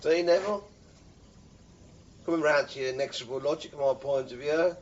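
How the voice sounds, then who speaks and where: A man's voice: a little high, a little fast, a little hiss or hum, close to an everyday voice. A man playing a pompous, wordy know-all builder who lectures his mates. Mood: lecturing. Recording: dull lo-fi TV sound.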